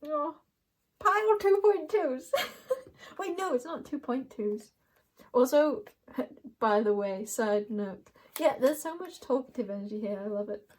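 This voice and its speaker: A woman's voice: on the high side, animated, a little slow, darkish tone. A young woman doing a casual card reading, playful and rambling, laughing often as she talks to herself and the viewer. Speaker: tarot reader.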